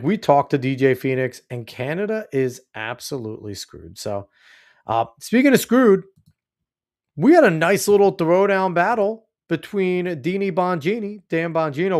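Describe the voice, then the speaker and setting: A man hosting a commentary show, reacting to video clips with mocking, profane asides. His pitch sits a little high and swings widely as he talks. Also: darkish tone. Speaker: host.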